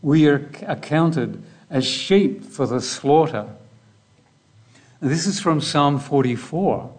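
Slow, deliberate male preacher. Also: fairly high pitch, lively intonation, darkish tone. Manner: slow, deliberate, with repeated rhetorical questions. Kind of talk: sermon.

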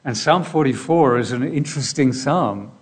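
A man preaching a sermon in a deliberate way, asking repeated rhetorical questions. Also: mid-range voice, lively intonation, breathy edge.

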